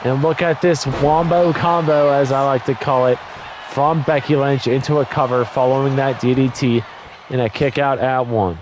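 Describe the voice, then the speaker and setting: A man's voice: medium pitch, normal speed. Young male gaming commentator, worn voice, eager play-by-play, faint hiss under it. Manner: excitable, blurts exclamations, stumbles and corrects himself. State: voice getting worn from talking. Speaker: gaming YouTuber commentating a wrestling game.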